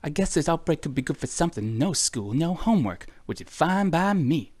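A chirpy, high young kid reads a diary entry in a sing-song lilt, as a man puts the voice on. The voice sits well above a man's usual range and has a close, dry sound. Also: big pitch swings, a little fast, a little mellow, no room sound. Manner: sing-song, exaggerated reading voice.

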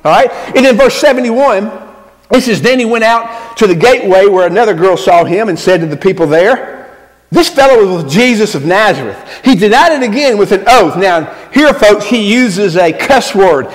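Preacher, man, high voice, chatty sermon delivery, church reverb. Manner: conversational, checks in with the congregation. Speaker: pastor. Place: church sanctuary.

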